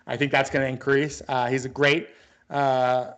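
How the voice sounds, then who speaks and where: A man's voice: medium pitch, flat delivery, moderate pace, fairly bright tone. A man co-hosting a casual sports talk show, rambling with lots of restarts and fillers as he chats about basketball. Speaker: sports podcast co-host.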